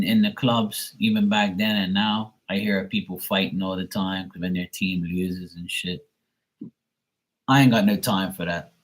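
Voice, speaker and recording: A man's voice: low-pitched, slightly rough. A Bermudian man in his thirties chatting casually and rambling on a live stream, with some swearing.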